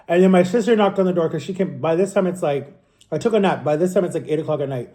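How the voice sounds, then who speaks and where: Eating on camera, this thirty-something vlogger from Florida talks quickly in a mellow, fairly high voice. His telling is casual, candid and rambling, full of self-corrections.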